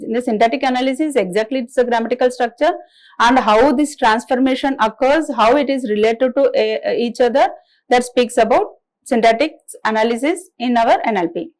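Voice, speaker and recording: Higher-pitched woman lecturing. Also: a little mellow, rough recording. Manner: halting explanatory delivery, many restarts and fillers. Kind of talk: recorded classroom lecture.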